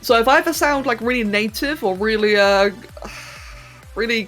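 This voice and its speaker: Faint music plays beneath a chatty English woman from London, a streamer and 3D artist, as she talks through a live stream while sculpting a 3D model. Her slightly high, fairly bright voice moves at normal speed. She laughs easily and stumbles over her words in this casual modelling chat.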